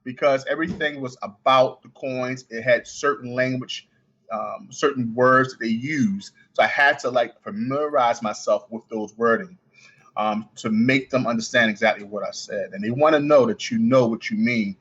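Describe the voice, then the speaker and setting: A man with a Baltimore accent talks quickly in a casual podcast interview, now and then stuttering or restarting a phrase. His voice sits at a middling pitch, and the recording sounds a little dull and lo-fi. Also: a bit bright, breathy edge. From Baltimore, United States. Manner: fast-talking, with some stutters and restarts. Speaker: guest, coin ring artist.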